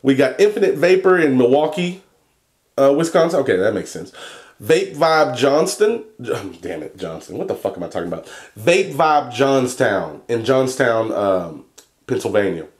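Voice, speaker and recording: A young man talking casually in a vlog, cursing and joking as he reads a long list of shout-outs and stumbles over place names. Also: mid-range voice, very animated, normal speed. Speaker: vlogger and e-liquid maker.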